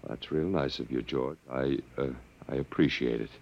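An actor playing a stubborn, worn-out human captive who swings between defiance and pleading, in an old radio drama. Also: male voice, rumbling low, moderate pace, a little mellow. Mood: defiant. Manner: defiant, then pleading and shaken. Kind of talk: 1950s radio drama acting. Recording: dull lo-fi old radio broadcast.

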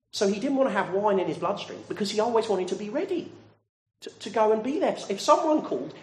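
Male preacher, earnest and questioning; lively delivery, roomy echo on the recording. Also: sits high, a little hiss or hum. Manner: earnest, direct questions to listeners. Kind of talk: sermon.

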